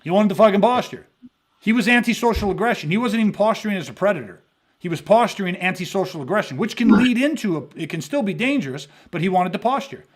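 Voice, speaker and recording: A man with a noticeably high voice talks through a casual podcast monologue as a self-defense instructor. He swears freely and tells his stories with animation, acting out the people in them. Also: fast. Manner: profane, animated storyteller acting out quoted voices.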